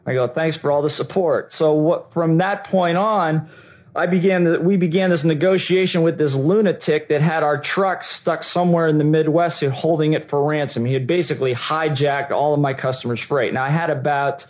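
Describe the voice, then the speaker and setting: A man giving a storytelling talk at a seminar, animated and acting out the dialogue, with frequent restarts. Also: on the high side, normal speed, poor audio. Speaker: seminar speaker.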